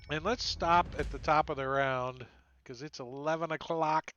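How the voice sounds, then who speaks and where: A man's voice: on the high side, fairly even intonation, normal speed, a bit bright, slight background noise. A man running a tabletop game as dungeon master, narrating casually with filler words and frequent laughs, over dull lo-fi stream audio.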